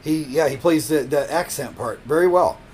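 A man's voice: a little high, moderate pace, darkish tone, slight background noise. A man co-hosting a casual podcast, sharing trivia in a hesitant way full of fillers and restarts. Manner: hesitant, lots of fillers and restarts, laughs easily. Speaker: podcast co-host.

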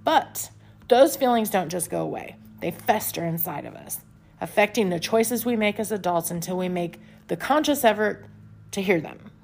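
Gravelly-voiced woman sharing candidly. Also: mid-range voice, animated, moderate pace, slight background noise. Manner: candid, confessional, with soft laughs. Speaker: podcast host. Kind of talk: personal self-help podcast talk. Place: home with pets nearby.

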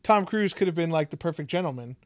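A man co-hosting a podcast, chatting casually with quick jokes and asides. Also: on the high side, expressive, no room sound, clean studio sound. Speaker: podcast co-host. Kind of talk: casual chat.

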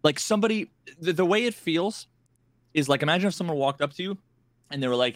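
Man, podcast co-host, a bit higher voice, dry sound, animated and exasperated. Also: racing, no echo. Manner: animated, exasperated storytelling, swearing. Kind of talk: casual chat.

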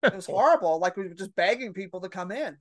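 Female comedian guest, casual storyteller, lively and self-mocking. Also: mid-range voice, quick pace, background noise. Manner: animated, acts out her own panicked thoughts.

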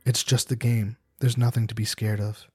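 A man voicing a stern father who insists everything is fine, gruff and insistent. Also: medium pitch, little pitch movement, moderate pace, no echo, studio quality. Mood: gruff denial. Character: stern, agitated father in denial.

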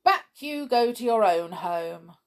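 A woman's voice: a little high, expressive, slow pace, voice pushed up. A woman voicing a stern nanny in a children's storybook, firm and scolding.

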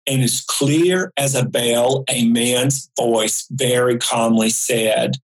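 A man's voice: mid-range voice, poor audio. A man from rural North Carolina, a guest on an interview podcast who tells vivid, folksy stories in a casual way. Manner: folksy, vivid anecdotal storyteller. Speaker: guest psychic. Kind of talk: casual storytelling.

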